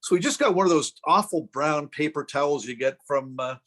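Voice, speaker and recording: Man with a higher voice, spinning a yarn. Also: expressive, brisk, a bit bright. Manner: anecdotal, self-deprecating, acts out quoted voices. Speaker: podcast co-host. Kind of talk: casual storytelling.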